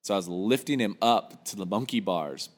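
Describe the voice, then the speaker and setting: A man's voice: fairly low pitch, animated, normal speed, long reverb tail. A young man chatting casually on a podcast, telling stories with plenty of swearing and laughter. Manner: profane, laughing storyteller. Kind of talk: casual chat.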